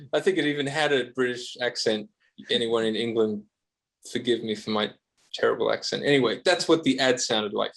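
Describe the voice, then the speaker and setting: A man with an Australian accent, a guest guitarist on a podcast, talking casually and self-deprecatingly with lots of fillers and restarts. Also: mid-range voice.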